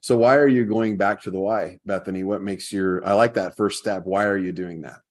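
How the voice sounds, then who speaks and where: رجل بصوت عميق جدًا يتحدث بأسلوب ودّي. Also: male voice, low voice, fairly even intonation, brisk. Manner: storytelling, easy and chatty. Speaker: podcast host. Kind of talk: casual chat.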